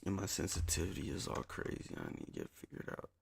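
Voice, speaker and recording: A man streaming from a small home desk, chatting to viewers in a slangy, profane, rambling way into a desk mic, sometimes yelling at a friend. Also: deep voice, wildly swooping pitch, quick pace, gravelly, slightly rough. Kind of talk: casual live-stream chat. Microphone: desk mic on a soundboard.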